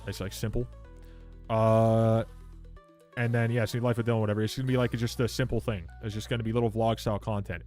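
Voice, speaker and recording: A man's voice: on the low side, darkish tone. A young man chatting casually on a live stream, rambling and swearing as he rants and answers chat. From Canada. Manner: rambling, profane ranting while reading chat.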